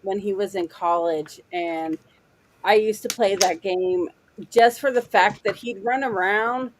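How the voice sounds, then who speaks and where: A woman's voice: mid-range voice, a little slow, slight background noise. A woman on a casual gaming chat who tells rambling stories full of "like". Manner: rambling storyteller, many "like" fillers.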